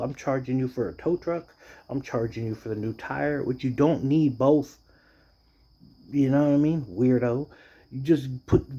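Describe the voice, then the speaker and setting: A man rants about his job in a loose, profane storytelling style, jumping into mocking impressions of others. His voice is dark and mellow, and the recording sounds somewhat dull and lo-fi. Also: mid-range voice, slightly rough. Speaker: podcast or vlog host venting about work. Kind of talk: casual rant.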